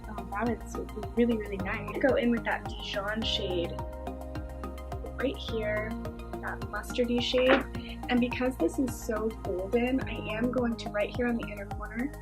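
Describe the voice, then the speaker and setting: Woman beauty vlogger, higher voice, chatty and gushing, music bed behind. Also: steady tone, a little slow. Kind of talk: casual makeup tutorial narration.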